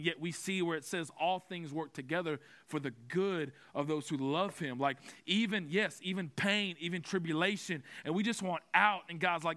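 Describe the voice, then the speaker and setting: A man's voice: fairly high pitch, sharp tone. A young man preaching a sermon, telling a personal story with self-mocking humor before turning to scripture.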